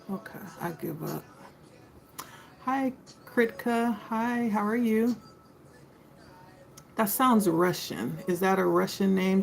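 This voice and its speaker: A woman's voice: mid-range voice, slow, creaky, long pauses, music in the background, low-quality recording. A woman hosting a live tarot stream, chatting casually and greeting viewers by name.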